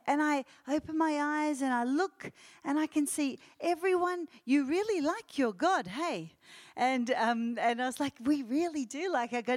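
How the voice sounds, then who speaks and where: A woman telling a church congregation an animated story from a mission trip, acting out the people she quotes. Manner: acts out quoted voices with rising pitch. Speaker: church speaker reporting on a youth mission trip.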